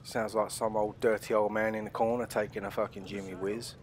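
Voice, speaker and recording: A man, hosting a horror game let's play, loud and profane, constantly calling out to his viewers. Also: fairly low pitch, flat delivery, brisk, a little hiss or hum. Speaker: gaming channel host.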